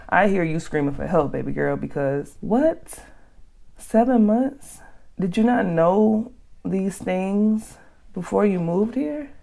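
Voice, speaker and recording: Woman vlog host, low gravelly voice, blunt slangy commentary. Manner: blunt, animated advice with slang. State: out of breath. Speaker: channel host. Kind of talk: reaction commentary to a reader's post.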